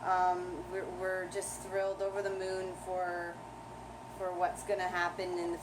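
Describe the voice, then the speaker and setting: A woman's voice: on the low side, completely flat delivery, a little slow, background noise. A woman giving a friend a casual, hesitant congratulations message with many ums and restarts.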